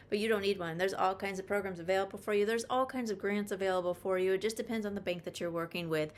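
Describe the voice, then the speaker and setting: A woman realtor talks straight to camera in a casual vlog, her pitch sitting in a middle range. She is chatty and emphatic, hammering points home by repeating them. She slips in self-deprecating asides as she goes. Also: fairly bright tone. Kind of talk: casual talking-head vlog.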